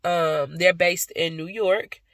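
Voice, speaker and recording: A young woman talks casually to her viewers, calling them y'all with warm affection. Her voice has a gravelly, creaky texture, and she sounds worn out after work. The recording is dry and close, with no room sound. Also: fairly low pitch, steady tone, slow, dry recording. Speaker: vlogger. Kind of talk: casual vlog chat to viewers.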